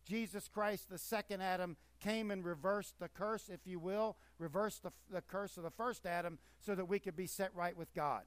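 A pastor preaching a sermon with emphatic force that rises and falls. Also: male voice, high-pitched, normal speed, hardly any pauses, smooth, no room sound.

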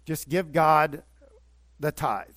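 A man preaching to his congregation. His voice sits a little high, swelling into emphatic bursts and dropping into quieter asides. The sound is dry and close, with no room echo. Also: fairly even intonation, takes it slowly. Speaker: pastor. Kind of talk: sermon.

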